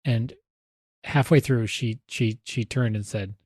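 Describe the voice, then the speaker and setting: A man chatting casually as a podcast co-host, mid-pitched and easygoing. He gets animated, laughs a lot and throws in silly high beeps and dings. The sound is dry and close to the mic. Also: slow, slightly rough, no room sound. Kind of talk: casual chat.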